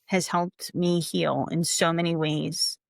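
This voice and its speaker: A woman in her forties co-hosting a casual podcast, telling personal stories in an expressive, animated way as a coach. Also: lowish voice, slow pace, gravelly, dry recording, studio quality. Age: 40s.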